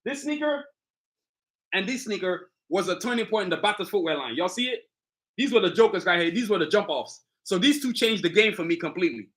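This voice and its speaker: A middle-aged man hosts a casual live stream, showing off his sneakers and hyping them to viewers. His voice sits high and sounds bright. He talks with swagger and loose street slang. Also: animated, brisk. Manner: hyped, boastful street slang, addresses viewers directly. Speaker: sneaker designer and channel host.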